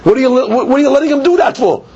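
Animated man teaching a Talmud class. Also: extremely high pitch, rapid-fire, breathy edge. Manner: animated, acts out both sides of the argument. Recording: dull lo-fi recording.

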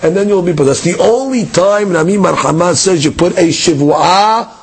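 A man's voice: high voice, moderate pace, breathy edge. A man teaching a daily Talmud lesson, explaining case by case and asking and answering his own questions. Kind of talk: Daf Yomi lesson.

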